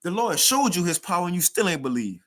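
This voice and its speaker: A man gives a loose, conversational sermon full of slang. He reads scripture passages aloud and comments on them in a slightly high voice. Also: sing-song, quick pace. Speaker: preacher.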